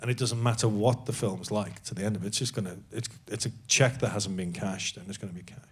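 A man's voice: fairly low pitch, fast talker. A man telling a self-deprecating story as a guest on a live comedy podcast, laughing often. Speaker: actor guest.

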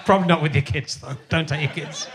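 A man's voice: on the high side, fairly even intonation, fast talker, crowd noise, background noise. A middle-aged man hosting a comedy podcast live on a theatre stage, rambling and sardonic with crude asides and lots of fillers. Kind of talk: live stand-up style podcast chat.

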